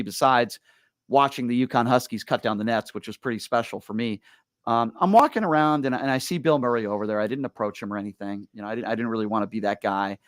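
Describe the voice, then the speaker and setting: A male radio show host telling stories in casual chat, animated and full of quick restarts. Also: medium pitch, no room sound. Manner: rapid, animated, stumbling restarts.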